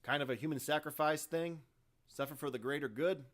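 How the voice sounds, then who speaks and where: A man's voice: fairly high pitch, brisk, fairly bright tone, voice pushed up, close to an everyday voice. A man voicing a scarred, defiant space marine sergeant who talks with clipped sarcasm. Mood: sarcastic.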